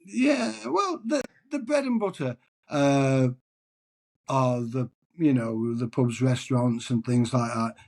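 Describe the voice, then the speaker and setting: A man's voice: mid-range voice, animated, slow, gravelly. A man answering interview questions as a tribute singer, chatty and storytelling, often repeating words.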